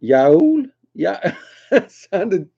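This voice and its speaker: A man's voice: medium pitch, a little slow, warm tone. A man hosting a casual livestream, rambling and chatty as he reads comments and teases viewers, often laughing. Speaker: livestream host reading chat. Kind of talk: casual live chat with viewers. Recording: dull lo-fi home stream audio.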